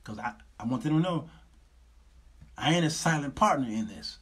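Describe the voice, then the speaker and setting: Husky-voiced preachy male talk host. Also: medium pitch, animated, moderate pace. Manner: preachy, lecturing, laughs often. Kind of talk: casual livestream talk to viewers.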